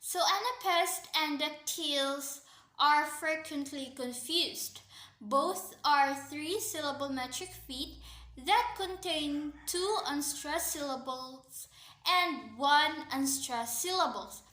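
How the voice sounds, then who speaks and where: A young woman presenting to a class in a high, bright voice, speaking slowly. She opens nearly every sentence with "so" and fills gaps with "um". The sound carries a strong room echo. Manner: starts most sentences with "so", many "um" fillers. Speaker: student presenter. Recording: echoey room.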